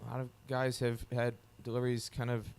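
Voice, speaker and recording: A man's voice: medium pitch, monotone, fairly quick, darkish tone, clear, resonant tone. A man commentating live on a cricket match, giving detailed analysis of the bowling and fielding.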